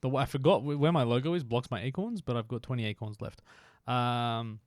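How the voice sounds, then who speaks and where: A man streaming a motorbike game live, chatting excitedly to his viewers while he plays. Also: mid-range voice, fairly quick, no room sound. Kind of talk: live-streamed gameplay chat.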